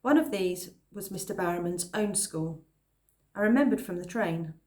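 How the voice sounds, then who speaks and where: A woman reading a children's novel aloud at a calm pace, pausing now and then to explain a phrase. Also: fairly low pitch. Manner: calm, pauses to explain words. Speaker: reader.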